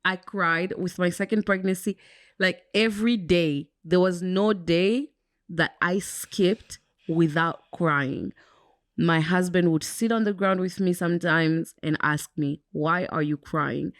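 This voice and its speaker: A woman's voice: lowish voice, measured pace, no room sound, studio quality. A young woman co-hosting a podcast, talking candidly and reflectively in casual chat, with plenty of "um" and "like.". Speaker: podcast co-host.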